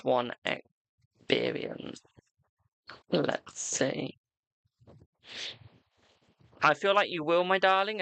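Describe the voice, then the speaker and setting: A card reader chatting casually to viewers on a home live stream, full of laughter and fond "my darling"s. The voice carries a gravelly, fry-edged texture at a middling pitch, and the sound is dry and close with no room echo. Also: pushed and bright.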